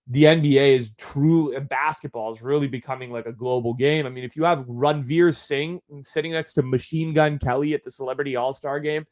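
A man's voice: mid-range voice, fairly even intonation, brisk, hardly any pauses, a little mellow. A man hosting a podcast in a casual, rambling monologue full of fillers and asides. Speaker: podcast host.

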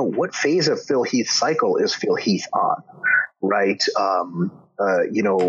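A man's voice: fairly low pitch, husky. A man talking as a podcast guest in casual chat, ranting with lots of swearing. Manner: profane, animated ranting. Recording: dull lo-fi audio.

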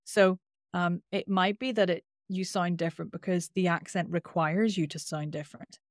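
Northern irish lady voice coach, bit nasal, lowish voice, dry close sound. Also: moderate pace, no echo. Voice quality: nasal twang. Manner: animated, demonstrates with sung-out sounds. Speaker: voice and accent coach. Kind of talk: interview answers, explanatory.

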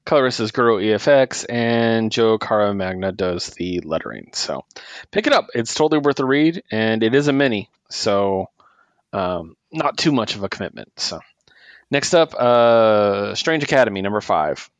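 A man co-hosting a comic book podcast, retelling a story in a casual, animated way and laughing often. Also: on the low side, moderate pace, no echo. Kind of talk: casual chat.

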